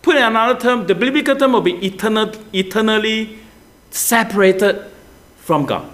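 A man's voice: high voice, normal speed. A man preaching a sermon, constantly asking his congregation questions and urging online viewers to comment. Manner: animated, asks the congregation many questions.

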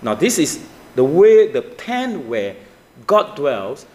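Animated preacher in an echoey room. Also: male voice, on the high side, slow pace. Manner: animated preaching with rhetorical questions, non-native grammar. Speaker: pastor. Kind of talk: sermon.

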